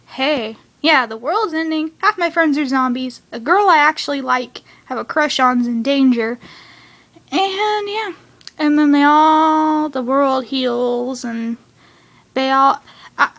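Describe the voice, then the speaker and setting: A young woman rambling excitedly about a cartoon episode, acting out the characters with sudden high cries.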